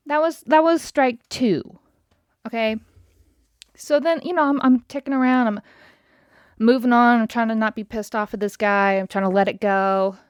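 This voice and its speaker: A woman's voice: a little high, normal speed, clear, resonant tone, no echo, highs cut off. Foul-mouthed exasperated woman podcaster. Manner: profane, exasperated, talks straight to listeners. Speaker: podcast host. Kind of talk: casual storytelling rant.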